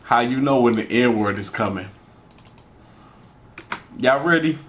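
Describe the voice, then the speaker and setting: A man's voice: mid-range voice, slow, fairly bright tone. Chatty male reaction-video host. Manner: loose, chatty, laughs often. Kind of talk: casual reaction commentary.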